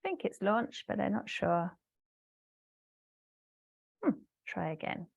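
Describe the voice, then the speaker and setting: A woman's voice: medium pitch, big pitch swings, slow, vocal fry, breathy edge, dull audio. Woman trainer teaching an online webinar. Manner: hesitant fillers, explanatory, talks to a live audience. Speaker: business English trainer.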